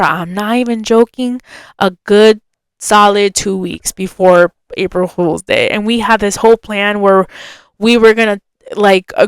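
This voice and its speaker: A woman podcast host telling a story in a casual, chatty way. She leans on "like" as a filler and jumps her pitch when she acts out other people's voices. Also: clean tone, dry recording.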